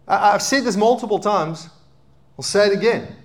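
A man in his thirties preaching a sermon as a pastor, animated, swinging between loud emphatic peaks and quiet asides. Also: high voice, moderate pace. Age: 30s.

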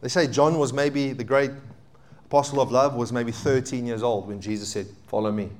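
A man in his thirties preaching a sermon as a pastor, animated, swinging between loud emphatic peaks and quiet asides. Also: mid-range voice, moderate pace. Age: 30s.

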